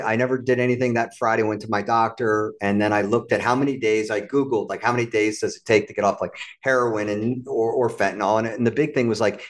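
Man, interview guest, animated storytelling, mid pitch, quotes people in character. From United States. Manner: animated, acts out quoted voices. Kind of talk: conversational storytelling.

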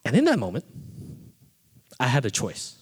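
A man preaching a sermon, telling a personal story with animated delivery and acting out his own quoted thoughts. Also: medium pitch, normal speed, breathy edge. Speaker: pastor. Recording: reverberant hall.

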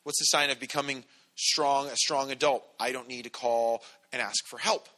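A man preaching a conversational, animated sermon to a congregation, acting out quotes as he goes. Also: mid-range voice, moderate pace. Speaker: pastor. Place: church hall with congregation.

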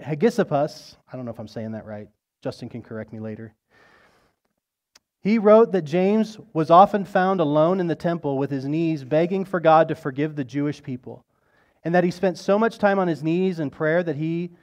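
A male pastor delivering a sermon with a fairly high voice. He tells stories conversationally, with restarts and asides, and swells with intensity on the dramatic parts before sinking low and quiet at the ends of phrases. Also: brisk. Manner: storytelling, rising in intensity on quoted lines, dropping low and soft at phrase ends.

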